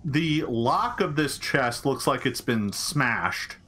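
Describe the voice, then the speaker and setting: Bright, animated game master man. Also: medium pitch, takes it slowly. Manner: rambling, many fillers and restarts. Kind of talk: narrating a tabletop game.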